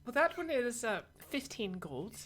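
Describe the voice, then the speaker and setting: Woman playing brisk bird-selling shopkeeper woman. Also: a little high, sing-song, fairly bright tone, voice pushed up, full character voice. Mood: businesslike. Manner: businesslike, dryly teasing.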